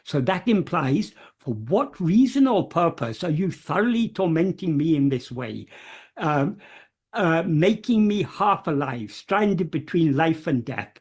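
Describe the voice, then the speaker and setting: A speaker explaining a text piece by piece, with a slightly husky voice. The delivery is very slow and hesitant, full of pauses and small fillers, and key terms are gently repeated. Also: mid-range voice, very animated. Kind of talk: slow, careful explanatory talk.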